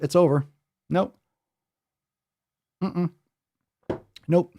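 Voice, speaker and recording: A man's voice: medium pitch, very animated, unhurried, long pauses, no room sound, clean studio sound. A man hosting a podcast in casual chat, reading posts aloud and rebutting them in a blunt, profane, mocking way. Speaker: podcast host.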